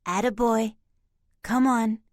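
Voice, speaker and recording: A woman voicing a bossy, coaxing little female pixie who gives brisk orders softened with pet names, in a storybook. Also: on the high side, fairly even intonation, no room sound, clean studio sound.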